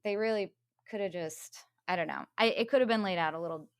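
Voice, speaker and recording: A woman's voice: lowish voice, a little fast, clean tone, no echo. A woman co-hosts a film review podcast, laying out her theories in a casual, opinionated way and laughing as she goes. Her voice is recorded dry and close. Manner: opinionated, laughs between points. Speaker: podcast co-host.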